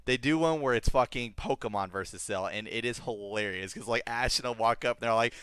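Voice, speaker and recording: A man's voice: mid-range voice, fairly quick, a bit bright, smooth, no room sound. A young man co-hosting a podcast, chatting casually, swearing a lot and acting out scenes in silly voices. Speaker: podcast co-host. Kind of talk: casual chat.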